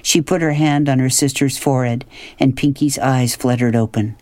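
A man narrating a children's storybook, gentle and expressive. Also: medium pitch, moderate pace, no room sound. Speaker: audiobook narrator.

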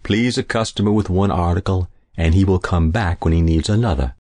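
A man voicing a calm, sly old potion seller who talks politely and indifferently. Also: deep voice, a little fast, no room sound. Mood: suave, indifferent.

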